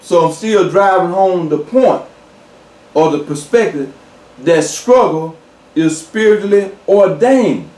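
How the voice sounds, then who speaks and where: Male preacher, slightly high voice, deliberate slow delivery, miked from a distance in a reverberant room. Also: lively intonation, a little mellow. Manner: slow, emphatic preaching with repetitions and fillers. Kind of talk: sermon.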